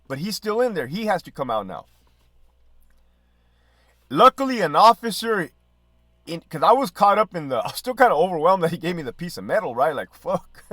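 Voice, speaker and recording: A middle-aged man, a former prison officer, telling a profane, lively story in casual podcast talk. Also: sits high, moderate pace, dry recording, clean studio sound. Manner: profane, animated storytelling with laughs and quoted dialogue.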